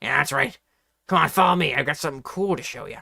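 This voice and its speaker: Guy putting on a loud, hot-headed high school thug, shouty and high-strung, bright edge. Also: quick pace, creaky, no room sound, full character voice. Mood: scheming. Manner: loud, angry outbursts.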